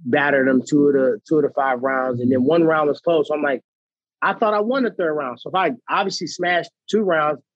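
A man's voice: a little high, fairly quick, dry recording, muffled recording. A man in his thirties, a guest on a casual chat show, telling stories with acted-out quotes and frequent laughs. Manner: animated storyteller, acts out quotes, laughs often. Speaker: guest, pro fighter.

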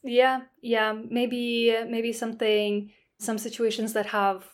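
A woman who is a native Russian speaker, a podcast guest explaining language and the brain in a relaxed way, with many "you know" fillers. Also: on the high side, slow pace. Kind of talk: casual podcast interview.

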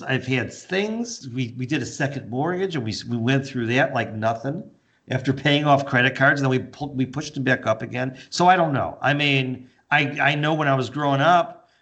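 A man's voice: mid-range voice, fairly bright tone. A man co-hosting a podcast in casual chat, candid and reflective, swearing casually. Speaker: podcast co-host.

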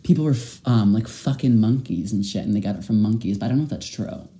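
A man's voice: on the low side, quick pace, mellow. A man hosting a casual vlog chat, teasing and crude in a playful way. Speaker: vlogger host.

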